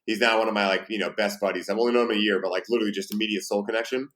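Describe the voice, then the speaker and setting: A man's voice: fairly low pitch, steady tone, racing, fairly bright tone. A man hosting a podcast interview, chatting casually and swearing now and then. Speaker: podcast host.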